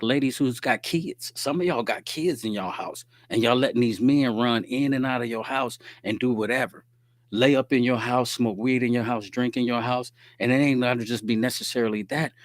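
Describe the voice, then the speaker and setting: A man's voice: medium pitch, no echo. A man giving a streetwise, preachy faith-based talk straight to his listeners.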